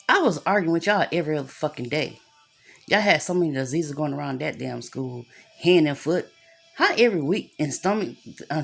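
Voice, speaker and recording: A woman's voice: low-pitched, gravelly. A woman, telling a story about her son in an angry rant full of profanity. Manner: angry, profane, talks with lots of cussing.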